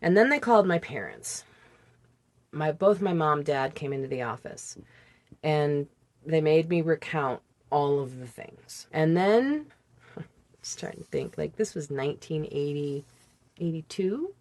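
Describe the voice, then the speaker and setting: A woman in her forties, a podcast guest, telling a personal story in conversation with candid, halting recollections. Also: low-pitched, animated, darkish tone.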